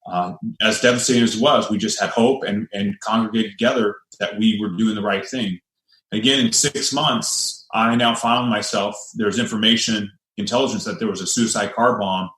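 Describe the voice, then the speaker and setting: A man in his forties from the United States, a guest and army veteran, telling his story in a measured, steady way with some restarts. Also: lowish voice. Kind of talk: personal storytelling. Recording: echoey room.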